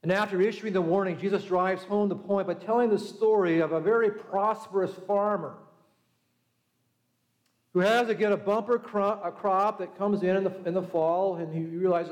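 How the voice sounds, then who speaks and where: A man's voice: high voice, fairly even intonation, moderate pace, echoey room. A middle-aged male pastor preaching a sermon, telling the story conversationally and acting out the quoted voices. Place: church.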